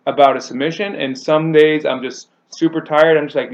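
Man, podcast coach, lively storyteller, slightly high pitch, dull lo-fi audio. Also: moderate pace. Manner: animated storyteller, acts out quotes with big pitch jumps. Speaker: grappling coach. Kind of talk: casual podcast chat.

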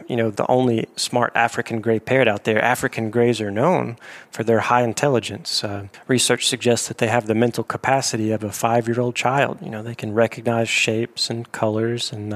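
A man's voice: mid-range voice, fairly even intonation, moderate pace, hardly any pauses. Easygoing man telling a story. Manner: storytelling, frequent restarts and fillers. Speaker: animal trainer. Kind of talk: casual interview chat.

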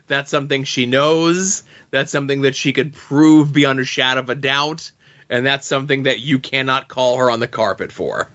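A man's voice: mid-range voice, moderate pace, a bit bright, muffled recording. A man co-hosting a podcast, chatting casually and musing aloud about a comic character. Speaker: podcast co-host. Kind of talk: casual chat.

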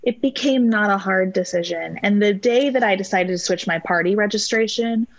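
A woman, a podcast guest and author, talking in an earnest, reflective way in measured full sentences. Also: mid-range voice, no room sound, rough recording. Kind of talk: conversational interview.

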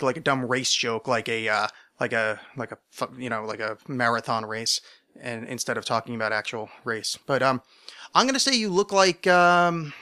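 A man's voice: mid-range voice, sharp tone. A man hosting a podcast in a casual solo monologue, rambling and self-deprecating, with many restarts and asides. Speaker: podcast host.

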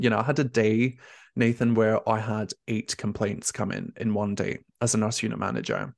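A man's voice: on the low side, expressive, moderate pace, gravelly, no echo, clean studio sound. A young man, a nurse turned career coach, talking openly and emotionally in an interview, with lots of "like" fillers. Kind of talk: candid conversational interview.

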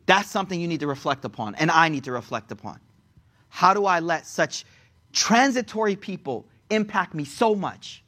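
Young man, high voice, casual sermon, slangy, animated storytelling. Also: normal speed. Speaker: religious teacher.

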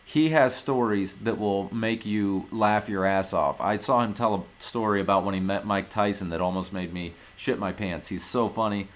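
A man's voice: lowish voice, normal speed, hardly any pauses. A male podcast host from Ohio, ranting in a brash, profane, mock-indignant way in a casual comedic monologue.

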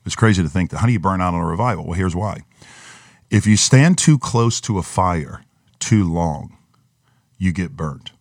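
A very low-voiced man talking as a pastor on a podcast, telling his story earnestly and sometimes acting out the doubting voice in his head. The sound is dry and close, with no room around it. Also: lively intonation, normal speed, dry recording. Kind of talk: podcast conversation.

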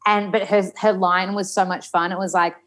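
An Australian woman trained as an actor, a podcast guest who chats in a lively, laughing way and swears casually while trying an American accent. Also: mid-range voice, normal speed. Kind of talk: casual chat.

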